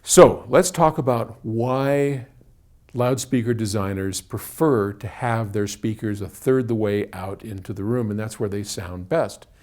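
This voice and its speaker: A man's voice: fairly low pitch, a little slow, darkish tone. A man who runs an audio company, answering viewer questions in casual explanatory talk. He speaks conversationally with frequent restarts and repeated words, recorded on one microphone in an indoor room. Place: indoor room, moving toward and away from a wall. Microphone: single microphone in the room.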